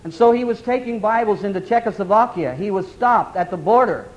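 Male preacher, fairly high voice, pushes rhetorical questions hard; muffled lo-fi recording. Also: fairly quick. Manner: swells into emphatic rhetorical questions. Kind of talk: sermon. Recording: dull lo-fi sermon recording.

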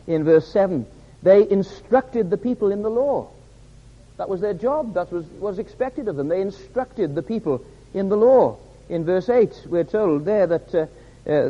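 Higher-voiced guy giving a sermon, keeps repeating words for stress, echoey hall, muffled old recording. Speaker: preacher. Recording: reverberant hall, dull lo-fi sound.

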